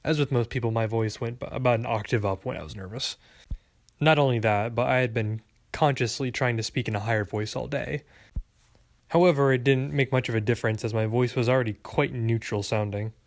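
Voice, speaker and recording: A man's voice: medium pitch, fairly quick, gravelly, no room sound, studio quality. A man reading a first-person story aloud with a wry, sarcastic delivery. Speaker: audiobook narrator.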